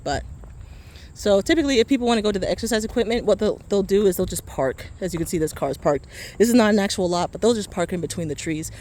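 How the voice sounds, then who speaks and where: A woman's voice: mid-range voice, fast talker, a little mellow. A woman vlogger walking and talking through an outdoor park tour, chatty and joking with viewers, out of breath the whole way on a faulty mic. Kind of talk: casual walking-tour chat.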